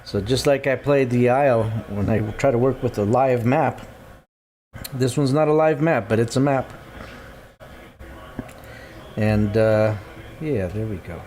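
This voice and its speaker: A man's voice: medium pitch, a little slow, long pauses, dark tone. A man streaming a game live, chatting casually and thinking aloud as he sorts his gear and menus. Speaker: gaming streamer. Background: guitar music.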